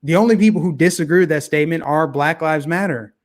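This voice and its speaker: A man hosting a casual talk show, giving opinionated political commentary that is animated and heavy on repeated phrases. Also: on the high side, quick pace.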